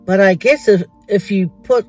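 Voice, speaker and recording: A woman's voice: medium pitch, moderate pace, a little mellow, soft background music, low-quality recording. An older woman chatting casually to her vlog while sitting in a car, laughing often and dropping words into her English. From Samoa. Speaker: vlogger.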